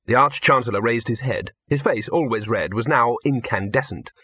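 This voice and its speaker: A man reading an audiobook, telling the story in a wry, lively way. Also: mid-range voice, moderate pace, husky, dry recording. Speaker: audiobook narrator.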